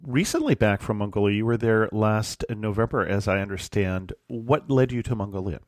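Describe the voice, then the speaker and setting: Playful podcast host, dry close sound. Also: male voice, on the low side, moderate pace, no echo. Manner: playful, self-teasing. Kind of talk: travel podcast interview.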